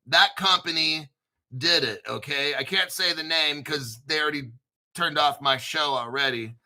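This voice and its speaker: A man's voice: fairly high pitch, moderate pace, pushed and bright. A man hosting a crypto show, talking in a hyped, conspiratorial, profane way. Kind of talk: excited crypto commentary.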